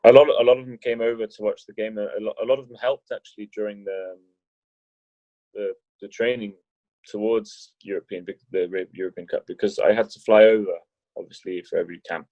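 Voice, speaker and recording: A man's voice: fairly low pitch, fairly even intonation, a little fast, warm tone, no echo. A man talking as a podcast guest in casual interview chat, rambling with restarts and joking. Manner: rambling, many restarts and fillers, jokey. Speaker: podcast guest, wheelchair rugby league player. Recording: dull lo-fi podcast audio.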